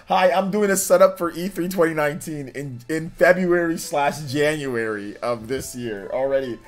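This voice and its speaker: A man's voice: on the high side, a little slow. A man hosting a casual livestream, talking straight to his viewers, reading their comments and laughing often. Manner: chatty, laughs often, answers viewers directly. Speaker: livestream host reading chat. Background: faint game music.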